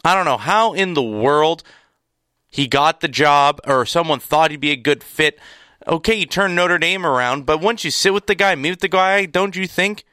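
A man's voice: fairly high pitch, normal speed, bright, forceful tone, smooth, no room sound, studio quality. A young man giving an opinionated sports recap, emphatic and exasperated, repeating words to drive home his points. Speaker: sports commentator.

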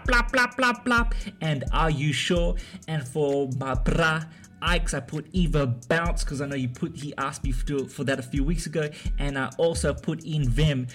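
A man's voice: on the high side, fairly even intonation, moderate pace, soft background music. A man hosting a casual radio show, talking in a rambling, hesitant way with many fillers and restarts. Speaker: radio host. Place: radio studio.

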